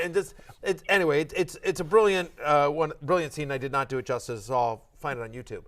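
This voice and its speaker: Brief: middle-aged male host, slightly high voice, animated and jokey, stumbles and restarts. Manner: animated, joking, quick restarts. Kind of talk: casual podcast chat.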